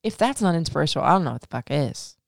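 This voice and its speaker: Frank, low-voiced woman podcast host. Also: animated, very fast, creaky, no room sound, clean studio sound. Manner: frank, profane, heavy use of "like". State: emotional, near tears. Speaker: podcast host answering listener questions. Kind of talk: casual Q&A podcast.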